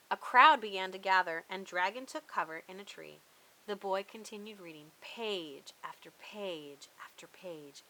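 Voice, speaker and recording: Bright, animated woman reading a storybook. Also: mid-range voice, poor audio. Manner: playful, expressive read-aloud with dramatic pauses. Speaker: children's storyteller. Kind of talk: reading a picture book aloud.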